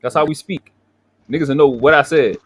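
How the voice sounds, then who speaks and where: A man's voice: a little high, brisk, a bit bright, slightly rough. A man in his forties from Baltimore with a Baltimore accent, hosting a livestream in a profane, boastful, confrontational casual rant. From Baltimore, USA. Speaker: livestream host.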